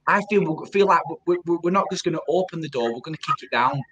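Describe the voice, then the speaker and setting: A man speaking as a guest on a video call, giving emotional personal testimony in an earnest, halting way, often repeating words. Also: fairly high pitch, animated, a bit bright, low-quality recording. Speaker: guest, trauma support group founder.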